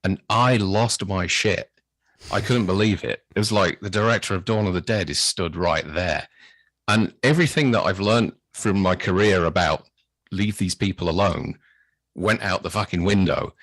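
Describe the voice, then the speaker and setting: A British man, a podcast guest, telling anecdotes in a casual, animated way. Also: sits low, normal speed, no echo. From Britain. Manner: animated storyteller, acts out his own excitement. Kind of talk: casual storytelling chat.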